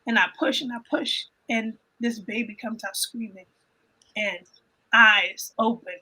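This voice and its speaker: A woman telling an emotional personal faith story in a casual panel chat, animated and often repeating her phrases. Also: fairly high pitch, a little slow, breathy edge, low-quality recording. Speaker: guest on a livestream panel.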